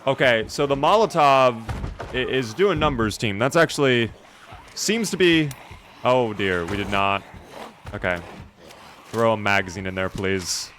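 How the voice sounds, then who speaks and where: Man, live game streamer, animated commentary, jokey, swinging pitch, game noise behind. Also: measured pace, long pauses. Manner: animated, jokey, talks to chat and game character.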